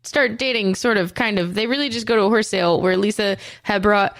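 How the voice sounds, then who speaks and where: A woman's voice: mid-range voice, brisk, fairly bright tone, no room sound, studio quality. A woman co-hosting a podcast, recapping a TV episode in a chatty, profane and self-mocking way. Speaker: podcast co-host.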